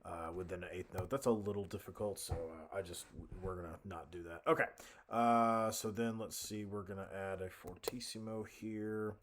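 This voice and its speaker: A man with a deep, low voice talks through a composition tutorial at his desk mic. He thinks aloud, hesitating and correcting himself as he works. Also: fairly even intonation, normal speed, background noise. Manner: thinking aloud, many fillers and self-corrections. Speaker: music composition instructor. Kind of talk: casual screen-recorded tutorial narration.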